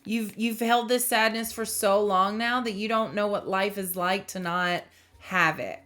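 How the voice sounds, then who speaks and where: A young woman giving an intuitive tarot reading, talking slowly and reassuringly, now and then breaking into emotional exclamations. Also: mid-range voice, steady tone, a bit bright, soft background music. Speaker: tarot reader.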